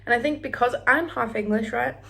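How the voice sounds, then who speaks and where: A woman's voice: on the high side, a little fast, vocal fry, fairly bright tone. Chatty Australian woman, half-whispering. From Australia (Brisbane). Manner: chatty, often drops to a near whisper. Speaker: vlogger. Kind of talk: casual get-ready-with-me chat. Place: at home, indoors, straightening her hair.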